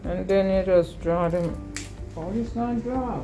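A woman's voice: mid-range voice, takes it slowly, music in the background, poor audio. A woman chatting casually with her husband, giving blunt, dry comebacks. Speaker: host's wife. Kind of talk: casual chat.

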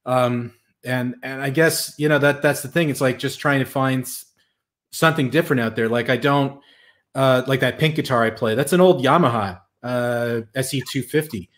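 Male host, relaxed gear-talk chat, hesitant "uh"s throughout. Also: medium pitch, moderate pace. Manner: easygoing, with frequent hesitations. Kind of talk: casual chat.

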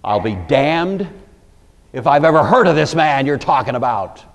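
A man voicing Peter, a fisherman flatly denying with a curse, each word stressed. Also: mid-range voice, big-room sound. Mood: defiant. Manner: slow, every word stressed. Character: Peter, a fisherman cursing in flat denial.

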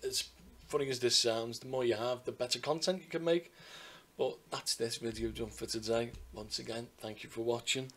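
A man talks straight to camera as a vlogger, recounting his own story in a loose, chatty way. His voice sits at an ordinary middle pitch. He wanders off into asides and restarts his sentences often. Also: fairly even intonation, moderate pace, fairly bright tone.

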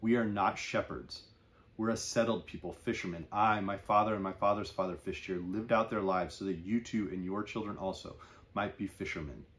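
A man reading the part of a proud, stubborn fisherman who will not leave his coast, speaking in a low, firm voice that rises with passion. The delivery is plain and impassioned, more a book reading than a staged performance. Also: normal speed, fairly bright tone, lightly acted. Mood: defiant.

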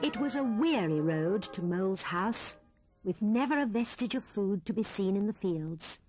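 A woman reading a children's story aloud in an expressive storytelling manner. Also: medium pitch, normal speed, soft background music. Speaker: audiobook reader. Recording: 1970s cassette audiobook, dry studio.

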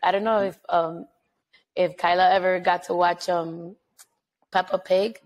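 A woman's voice: lowish voice, little pitch movement, low-quality recording. A woman hosting a podcast, chatting casually and telling stories about her son. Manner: chatty storyteller, quick asides. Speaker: podcast host. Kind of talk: casual chat.

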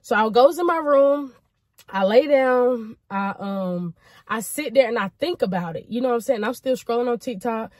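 Young woman vlogger in a car, chatty and excited, higher voice, dry close sound. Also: normal speed, dry recording. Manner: chatty, repeats "y'all" often, excited and grateful. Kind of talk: casual chat to the camera.

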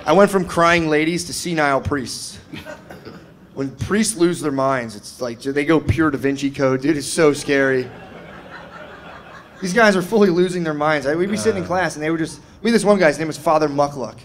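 A man in his thirties tells stand-up stories with an easy, rambling delivery. His voice sits a little high for a man, and he keeps slipping into the people he quotes. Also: normal speed. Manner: laid-back, peppered with "dude" and "man", acts out quotes. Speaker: stand-up comedian. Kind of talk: stand-up storytelling. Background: audience laughter.

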